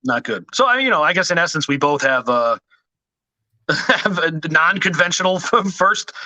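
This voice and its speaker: Bright, sharp-voiced joking male host. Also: fairly high pitch, sing-song, moderate pace, no room sound. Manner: self-deprecating, joking storyteller. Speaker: podcast host. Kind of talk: casual podcast chat.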